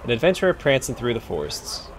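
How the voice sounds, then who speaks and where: A man's voice: medium pitch, sing-song, fast talker, slight background noise, lightly acted. A man reading out a swaggering tavern bully from a fantasy game in a taunting, jeering manner.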